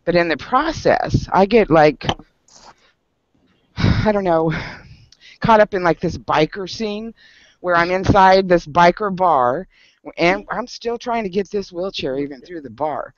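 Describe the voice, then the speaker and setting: At a book club meeting, a man with a high-pitched voice tells a story in casual group talk at a measured pace with long pauses. He's an animated storyteller who laughs often and uses many fillers, recorded with dull lo-fi sound and no room sound.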